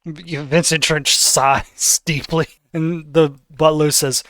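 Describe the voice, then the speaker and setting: Casual male game master narrating a tabletop game, slightly high voice, dry close mic. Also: fairly even intonation, slow, hardly any pauses, fairly bright tone, no room sound. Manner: casual, descriptive, often laughing.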